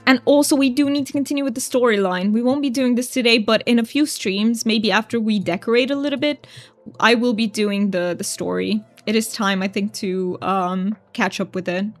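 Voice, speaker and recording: This woman, streaming a cozy game, has a slightly high voice and a moderate pace. She's chatty and giggly, reading her chat aloud and talking casually with viewers as soft music plays.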